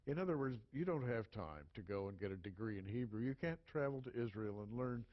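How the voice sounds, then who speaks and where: A man hosting a TV interview, who calmly asks questions and sums up his guest's points. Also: on the low side, fairly quick, muffled recording. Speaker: TV show host.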